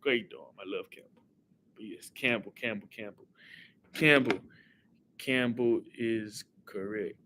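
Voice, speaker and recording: A young man hosting a casual livestream, thinking aloud through quiz answers and talking back to his chat in an excitable way. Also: fairly low pitch, measured pace, pauses often, a little hiss or hum. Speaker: livestream host.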